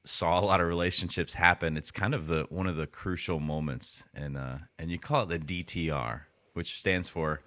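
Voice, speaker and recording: A man's voice: sits low, fairly even intonation, normal speed, few pauses, bright, forceful tone. A man co-hosting a podcast in casual chat, rambling with frequent restarts. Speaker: podcast co-host.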